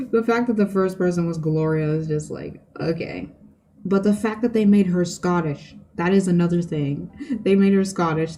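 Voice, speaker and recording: A woman's voice: on the low side, mellow. A young woman streaming, chatting casually with her viewers, giggly and full of fillers. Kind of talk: casual chat with livestream viewers.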